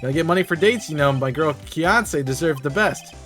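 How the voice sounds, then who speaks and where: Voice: mid-range voice, animated, brisk, fairly bright tone, faint music behind, natural voice. A streamer voicing a goofy, lovestruck young man who talks in laid-back slang.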